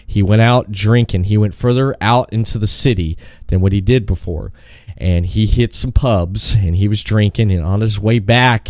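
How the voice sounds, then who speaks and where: A man's voice: lowish voice, a little mellow, no room sound, studio quality. A man hosting a podcast interview, telling long rambling stories and laughing often. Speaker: podcast host. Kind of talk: casual phone interview.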